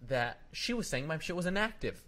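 A man's voice: fairly high pitch, a little fast. A young man co-hosting a casual podcast, telling a heated story with acted-out quotes and frequent swearing. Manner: animated storytelling, acts out quotes, swears a lot. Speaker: podcast co-host. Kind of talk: casual chat.

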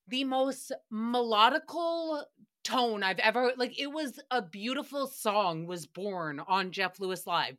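A woman's voice: mid-range voice, bright, forceful tone. A woman hosting a solo recap podcast, chatty and profane, laughing often and telling stories dramatically. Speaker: podcast host.

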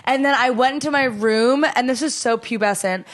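A young woman in casual chat, telling stories in an animated way, swearing and acting out what people said. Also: fairly high pitch, a little fast. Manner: animated storyteller, swears, acts out quotes.

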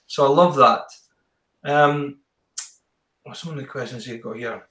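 A man's voice: medium pitch, a little slow, sharp tone, reverberant, rough recording. A man hosting an interview, effusive and enthusiastic, often restarting his sentences. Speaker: podcast host. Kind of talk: casual interview chat.

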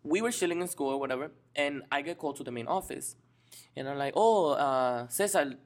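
Animated young man. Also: fairly high pitch, fairly quick. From Dominican Republic. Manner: animated, slangy, says "bro" often. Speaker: podcast co-host. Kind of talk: casual storytelling chat.

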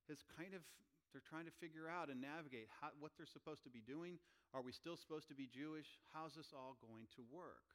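A man preaching a sermon, animated, acting out quoted voices with rising pitch and volume. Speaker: pastor.

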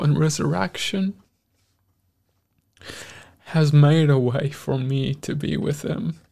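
A male host giving a devotional, sermon-style talk, earnest and emotional, with frequent pauses and restarts. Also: fairly high pitch, creaky, a little mellow. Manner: earnest, emotional, pausing often.

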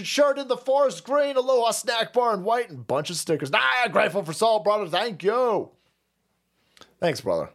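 Profane, lively ranting man. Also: fairly high pitch. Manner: profane, rambling, sarcastic, laughs often. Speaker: stream host. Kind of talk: ranting commentary.

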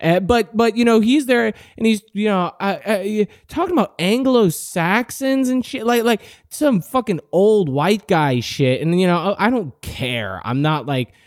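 Young guy, late teens, brash and cocky, swearing rant, pitch leaps all over, dry close sound. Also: lively intonation, unhurried, few pauses, no room sound. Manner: brash, profane and mock-arrogant. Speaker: podcast host. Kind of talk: comic ranting monologue.

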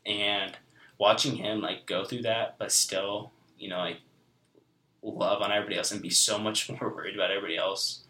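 A man in his twenties gives a heartfelt personal testimony, rambling and filling pauses with "you know" and "like". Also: fairly low pitch, fairly even intonation, bright, forceful tone. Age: 20s. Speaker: guest. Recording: echoey room.

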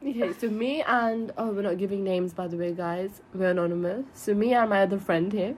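A young woman co-hosting a podcast in casual chat, chatty and quick to laugh, swearing freely. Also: mid-range voice, a little hiss or hum. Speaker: podcast co-host.

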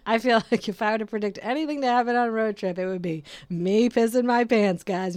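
A woman in her thirties hosts a casual solo podcast, rambling, mocking herself, laughing often, and swearing casually. Her voice is fairly high, brisk, and a little mellow, recorded at studio quality with no echo and a faint crowd in the background.

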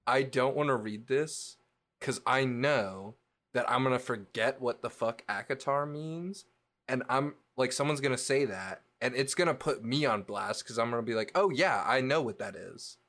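A man's voice: mid-range voice, normal speed, a bit bright. Man in wry podcast banter. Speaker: podcast co-host. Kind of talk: casual chat.

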